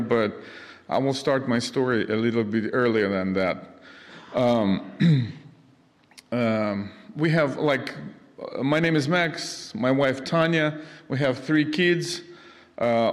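A man in his fifties from Ukraine, speaking to an audience as a missionary, halting with many fillers and restarts, with light jokes. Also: medium pitch. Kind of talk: casual talk to an audience. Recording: long hall reverb.

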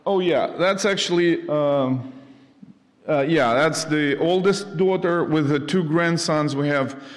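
A man in his fifties from Ukraine, speaking to an audience as a missionary, halting with many fillers and restarts, with light jokes. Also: a little high. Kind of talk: casual talk to an audience. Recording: long hall reverb.

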